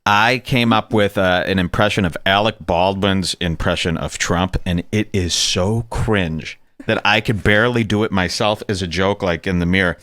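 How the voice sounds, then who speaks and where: A man hosting a podcast, giving animated, sarcastic commentary on a video clip. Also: sits low, normal speed, dry recording. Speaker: podcast host.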